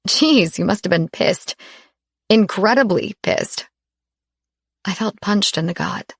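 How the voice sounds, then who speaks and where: A woman narrating a first-person romance audiobook in a soft, intimate storytelling manner. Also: medium pitch, animated, takes it slowly, vocal fry, breathy edge, no room sound.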